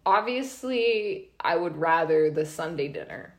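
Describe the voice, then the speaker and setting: A woman co-hosting a casual podcast chat, skeptical and dry, quick to laugh. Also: low-pitched, animated. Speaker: podcast co-host.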